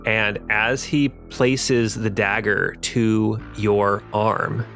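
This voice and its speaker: A man's voice: on the low side, fairly bright tone. A man hosting and game-mastering a tabletop fantasy game, narrating scenes with frequent fillers. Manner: fillers and restarts, descriptive narration.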